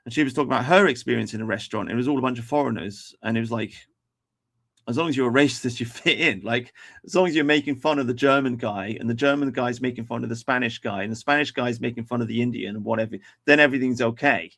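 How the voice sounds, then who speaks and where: A man's voice: mid-range voice, fast, creaky, fairly bright tone. A man hosting a livestream, talking in a rambling, profane way with lots of restarts. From England. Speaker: livestream host. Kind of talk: casual livestream commentary.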